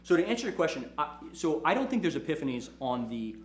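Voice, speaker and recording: A man, a lawyer, giving a casual motivational talk and telling animated stories, often checking in with "right?". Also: a little high, fast talker, reverberant, slight background noise. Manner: animated storytelling, repeats "right?", acts out quotes. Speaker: lawyer and firm owner hosting a talk.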